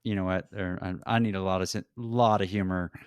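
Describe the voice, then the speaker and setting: Male coach co-hosting, very deep voice, dry close sound, reflective, halting. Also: steady tone, clear, resonant tone, no echo. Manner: reflective, halting, thinking aloud. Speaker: podcast co-host, coach. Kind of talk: conversational podcast chat.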